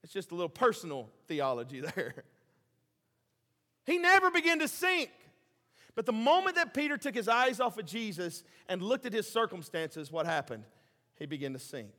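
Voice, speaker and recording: A man preaching a sermon, passionate, swinging between loud emphasis and quiet, low asides. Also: very animated, moderate pace. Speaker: pastor. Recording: hall reverb.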